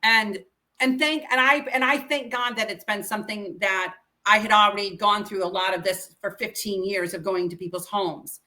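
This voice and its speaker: A woman's voice: mid-range voice, moderate pace, sharp tone. A middle-aged woman telling personal stories as an interview guest, earnest and emotional, acting out what others said. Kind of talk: personal storytelling.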